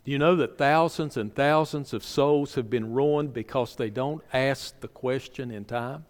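A man preaching a sermon to his congregation in earnest tones, repeating phrases for emphasis and dropping soft and low at the ends of lines. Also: measured pace. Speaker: pastor. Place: church sanctuary. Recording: long hall reverb.

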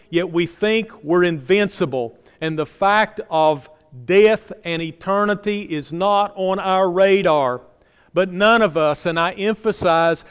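A man preaching a sermon to his congregation in earnest tones, repeating phrases for emphasis and dropping soft and low at the ends of lines. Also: clear, resonant tone. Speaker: pastor. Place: church sanctuary. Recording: long hall reverb.

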